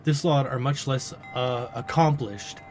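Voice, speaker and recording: A man's voice: medium pitch, fairly even intonation, a little slow, a little mellow, soft background music, close to an everyday voice. A man doing a flustered village mayor woman. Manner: fussy, polite, nervously reassuring. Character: flustered, nervous female village mayor and seer.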